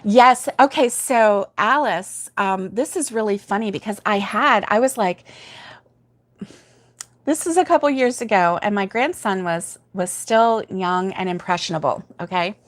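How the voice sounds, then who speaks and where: A woman's voice: medium pitch, unhurried. An older woman hosts a casual livestream, telling a story in a chatty way, laughing often and reading viewer comments aloud. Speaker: host of a crochet livestream.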